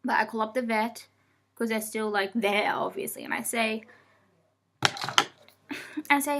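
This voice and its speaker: A woman's voice: a little high, unhurried, pauses often, background noise. A young woman telling a rambling story in a casual vlog, chatty and swearing often, breaking off to talk to her cat. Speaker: vlogger.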